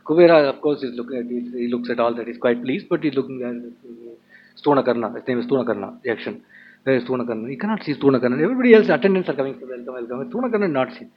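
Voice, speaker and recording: A man's voice: mid-range voice, racing. A man retelling an old tale in a chatty, laughing way with many asides. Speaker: storyteller. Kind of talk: casual storytelling talk. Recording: dull lo-fi with faint ambience.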